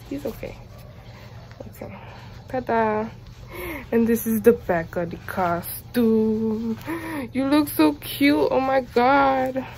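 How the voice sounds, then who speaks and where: A woman vlogging at home, chatting casually to the camera and switching to high coaxing baby talk with her dog. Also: a little mellow, slight background noise.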